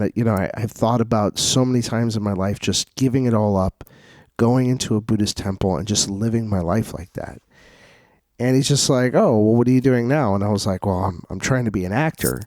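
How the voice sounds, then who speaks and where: A man's voice: on the low side, a little mellow, no echo. A young man co-hosting a podcast, rambling through a story and acting out quoted lines in casual chat. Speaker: co-host.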